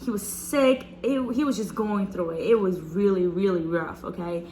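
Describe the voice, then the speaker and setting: A young woman sharing a Bible reflection in a casual, animated devotional talk, speaking straight to her viewers. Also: medium pitch, normal speed, slight background noise, poor audio. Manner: chatty, animated, addresses viewers as "guys".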